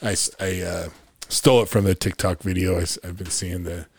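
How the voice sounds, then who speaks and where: A man's voice: low-pitched, steady tone, a little fast, creaky, no echo. Laid-back man in his forties, dry sound. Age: 40s. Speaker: podcast co-host. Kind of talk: casual podcast banter.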